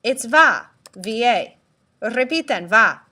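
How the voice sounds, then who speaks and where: A woman teacher giving a recorded tutorial, speaking slowly and deliberately, spelling out letters and asking listeners to repeat. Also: a little high, animated, pushed and bright. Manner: slow, deliberate, spells out letters and prompts repetition. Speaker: Spanish teacher.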